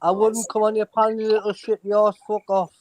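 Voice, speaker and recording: High-voiced abusive heckling man. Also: level tone, fairly quick, a little mellow. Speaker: livestream panel caller.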